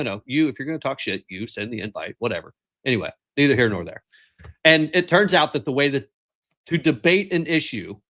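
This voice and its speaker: A man co-hosting a casual political podcast, talking in a quick, heated way and breaking into his own sentences. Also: mid-range voice, fairly bright tone. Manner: quick, heated, interrupts himself. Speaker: podcast co-host.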